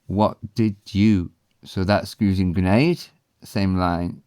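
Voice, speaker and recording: Deep-voiced guy explaining a language lesson, laid back, lots of ums, dry close sound. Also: takes it slowly, hardly any pauses, smooth, no room sound. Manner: relaxed and explanatory, with frequent ums and restarts. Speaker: Welsh language teacher. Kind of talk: casual spoken lesson.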